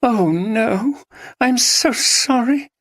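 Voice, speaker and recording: A narrator voicing an anxious, caring middle-aged mother with a soft, worried manner. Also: medium pitch, animated, drawn-out words, dry recording, studio quality, voice pushed up, heavily acted.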